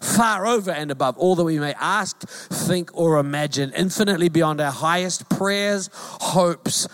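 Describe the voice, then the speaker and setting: A man's voice: a little high, measured pace, a bit bright, clear, resonant tone. A New man in his forties, a pastor giving a sermon in a conversational, joking way with emphatic repetition.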